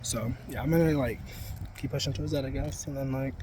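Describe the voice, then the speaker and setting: A man's voice: mid-range voice, a little fast. Young guy vlogging on a walk by the road, talks in circles, swears a bunch, phone mic. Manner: rambling, swears often, many fillers. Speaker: spiritual vlogger. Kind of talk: casual walking vlog. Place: outdoors by a road. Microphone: handheld phone. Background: passing traffic.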